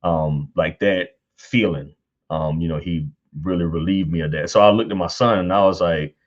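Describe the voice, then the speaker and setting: A man in his thirties, a guest on a church panel, telling casual stories about fatherhood with frequent laughter and high-pitched acted-out quotes. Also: moderate pace, dull audio. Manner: animated, laughs often, acts out quotes in high voice. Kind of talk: casual storytelling.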